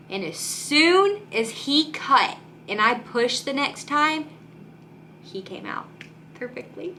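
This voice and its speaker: A woman's voice: on the high side, very animated, slow pace, sharp tone, a little hiss or hum. A young woman vlogger talking candidly to the camera in a casual, chatty way, full of "like" and "um", close to tears at times. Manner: candid and chatty, many fillers like "like" and "um".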